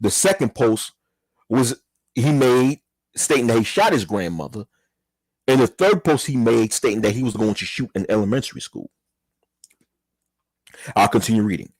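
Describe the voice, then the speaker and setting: A man's voice: mid-range voice, very animated, normal speed, pauses often, darkish tone, no echo. A man hosting his own channel, reading a news article aloud and commenting in a casual way, with an apology or a mild curse now and then.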